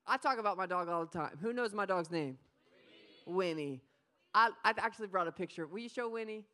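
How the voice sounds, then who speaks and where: Bright, playful woman preaching. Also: medium pitch, quick pace. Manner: animated, playful, talks straight to the crowd. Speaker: pastor. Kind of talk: energetic sermon.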